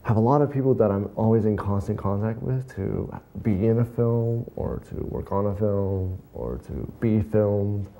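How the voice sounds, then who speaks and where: A man, a working actor, answering interview questions in a studio in a halting, eager way, with many fillers and repeated agreements. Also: fairly low pitch, dark tone, slight background noise. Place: television studio.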